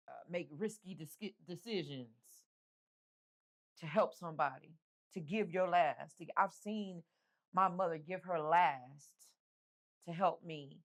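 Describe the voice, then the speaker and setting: Candid woman, lowish voice, telling her story. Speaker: interview guest. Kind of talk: emotional personal storytelling.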